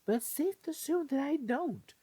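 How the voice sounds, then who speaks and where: A man's voice: extremely high pitch, expressive, normal speed, warm tone, no room sound, voice pushed up. A man voicing an awkward young alien hero with a raised, hesitant delivery. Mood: nervous.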